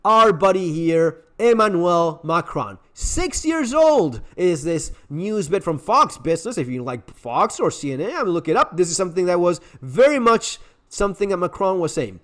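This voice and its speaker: A man's voice: high voice, very animated, moderate pace, fairly bright tone. A man hosting a survival channel, giving blunt, sarcastic commentary to camera, swearing freely and restarting his sentences as he rants. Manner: ranting, with frequent restarts.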